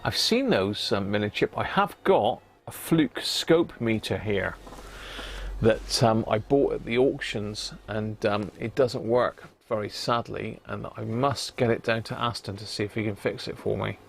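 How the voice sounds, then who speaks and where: A man's voice: on the low side, a little slow, creaky, slight background noise. A man chatting casually on a live stream while he repairs a radio in his home workshop, rambling and muttering to himself as he works.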